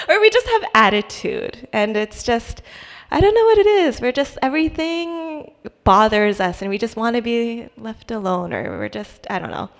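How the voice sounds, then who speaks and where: A young adult woman giving a personal testimony at church in a conversational, hesitant way, with frequent restarts and fillers. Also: on the high side. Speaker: church speaker sharing a testimony. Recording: long hall reverb.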